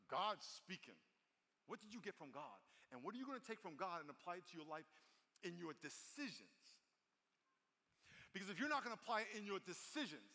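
A man preaching a sermon as pastor, animated, acting out prayers and inner voices. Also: sits high, long reverb tail.

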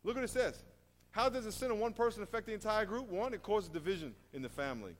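A man preaching a sermon in an animated, emphatic way, asking his congregation rhetorical questions. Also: sits high, quick pace. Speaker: pastor. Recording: reverberant hall.

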